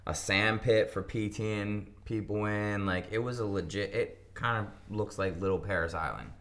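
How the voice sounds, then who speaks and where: A young man from Pennsylvania, a guest in an interview, telling his story in a casual, animated way and acting out what people said. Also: lowish voice, normal speed, slight background noise.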